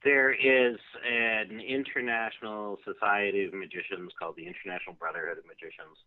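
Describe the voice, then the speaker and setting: Guy teasing his buddy on a podcast, lowish voice, sounds like a phone line. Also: fairly even intonation, fairly quick. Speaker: podcast co-host. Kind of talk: casual podcast banter.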